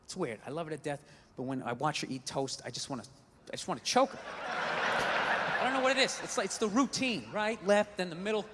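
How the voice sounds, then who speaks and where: Ranting high-voiced male stand-up comic. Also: fast, long reverb tail, heavy background noise. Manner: ranting, exasperated, profane. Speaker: stand-up comedian. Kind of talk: stand-up comedy routine.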